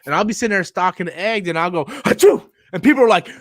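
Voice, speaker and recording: A man's voice: high-pitched, racing, dry recording, clean studio sound. A man hosting a casual livestream chat, joking and swearing freely as he talks. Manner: animated, jokey, swearing freely. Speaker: host. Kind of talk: casual live-stream chat.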